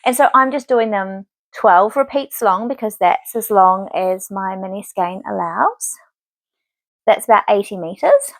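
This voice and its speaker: A chatty woman in her thirties rambles through her podcast, full of "um"s and small asides. Her voice sits at an ordinary middle pitch. It is recorded close and dry, with no room sound around it. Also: animated, unhurried, no room sound. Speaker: knitting podcast host. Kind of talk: casual chat to camera.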